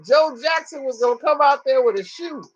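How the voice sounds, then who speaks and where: A man's voice: very high voice, animated, a little fast. A man vlogger giving comedic reaction commentary. He laughs often and acts out the people he talks about. The recording sounds dull and lo-fi.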